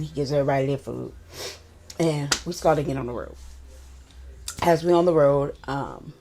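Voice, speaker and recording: Brief: young woman, New Orleans accent, low-pitched, easygoing storytime vlogger who repeats herself as she tells a story. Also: background noise. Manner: chatty, relaxed, repeats phrases while telling a story. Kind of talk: casual storytime.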